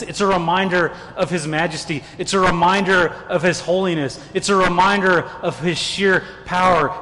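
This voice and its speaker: A male pastor delivers an earnest sermon, his voice pitched high. He often stammers and repeats words as he presses each point. The sound carries a long reverb from a large church sanctuary. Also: fairly bright tone.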